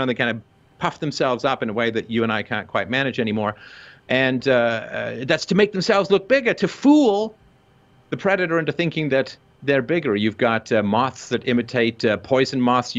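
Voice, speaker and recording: A man speaking as a guest, arguing in a lively, conversational way and dropping into short mock quotes. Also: medium pitch. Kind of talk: conversational argument. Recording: dull lo-fi sound.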